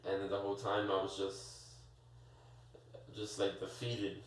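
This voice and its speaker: A man telling a story in casual podcast chat, animated and full of slang, stumbling over his words and restarting. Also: lowish voice, a little slow, a little hiss or hum. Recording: roomy echo, far from the mic.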